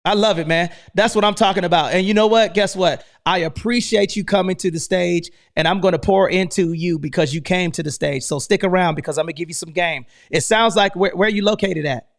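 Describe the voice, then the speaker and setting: An energetic male host on a live stream, full of slang and hype, who keeps tacking "man" onto his lines. His voice sits high, with a gravelly edge. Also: a little fast, few pauses. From United States.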